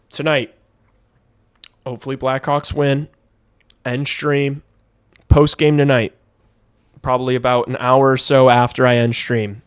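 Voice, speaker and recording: A man's voice: medium pitch, clean tone, no room sound, clean studio sound. A young man hosting a hockey livestream, rambling through stories and game reactions in casual chat, swearing and laughing easily. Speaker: livestream host.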